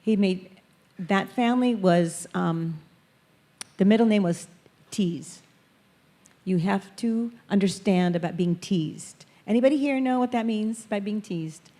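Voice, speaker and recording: A woman speaking at a church, telling lively personal stories and acting out the people she quotes. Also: medium pitch, unhurried. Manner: animated storyteller, acts out quoted voices. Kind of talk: storytelling testimony talk.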